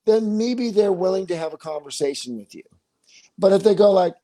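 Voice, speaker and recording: A man's voice: sits high, lively intonation, brisk, fairly bright tone. A man on a video call chatting casually, telling a long story in a rambling way with many restarts. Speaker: musician guest. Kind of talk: casual chat.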